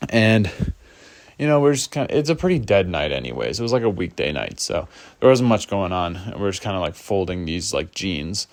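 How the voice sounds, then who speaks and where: A man's voice: sits low, very animated, a little fast, no echo. A man casually telling a personal story, rambling and full of fillers. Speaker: storyteller vlogger.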